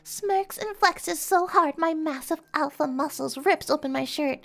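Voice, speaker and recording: A woman's voice: sits high, measured pace, gravelly, fairly bright tone, voice pushed up, exaggerated voice. A woman putting on the voice of a smug, swaggering male alpha showing off his muscles. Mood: boastful.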